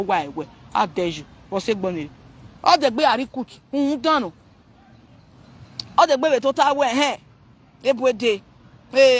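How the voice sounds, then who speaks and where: On a live stream, a man with a Nigerian accent rants animatedly to his viewers, switching between Pidgin, Yoruba and English, his voice sitting high.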